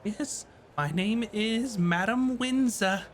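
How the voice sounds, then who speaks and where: A man's voice: high-pitched, a little hiss or hum, voice pushed up. Madam Windsor, a man voicing a frail old crone. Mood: courteous. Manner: quavering, slow sales patter. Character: frail old woman fortune teller.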